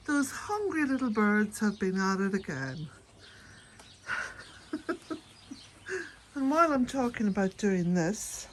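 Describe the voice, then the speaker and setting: A woman's voice: medium pitch, slight background noise. Chatty Irish woman, a bit breathless. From west of Ireland. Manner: chatty, rambling, laughs often. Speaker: cottage gardening vlogger. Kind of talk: casual chat to camera. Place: outdoors at a cottage garden and shed.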